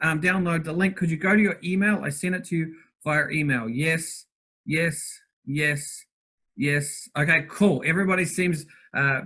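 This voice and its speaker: A man runs a lively online workshop over a video call from his bedroom, his voice sitting a little high. He talks fast and upbeat, greeting people by name as he goes. Soft music plays faintly behind him. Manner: fast-talking, upbeat, addresses chat participants by name. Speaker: workshop host. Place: bedroom at home.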